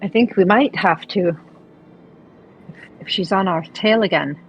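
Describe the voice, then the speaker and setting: A woman's voice: mid-range voice, measured pace, husky, faint music behind, rough recording. A woman playing a tabletop game, speaking in a hesitant, thoughtful way. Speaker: player.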